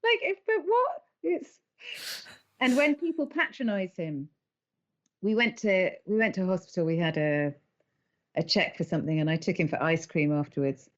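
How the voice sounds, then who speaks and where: A middle-aged woman, an animated storyteller who laughs often as a podcast guest. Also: fairly low pitch, moderate pace, muffled recording. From England. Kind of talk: conversational interview.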